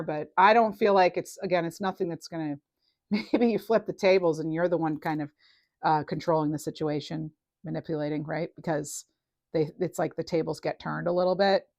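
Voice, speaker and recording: A woman giving a casual tarot reading to camera, chatty and animated, full of fillers and restarts. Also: lowish voice, no room sound, clean studio sound. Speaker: tarot reader.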